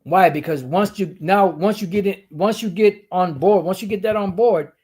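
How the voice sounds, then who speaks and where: Higher-voiced man teaching scripture. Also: normal speed, a little mellow, slightly rough. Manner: explanatory, repeats and restarts phrases. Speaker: Bible teacher. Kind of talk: screen-share teaching.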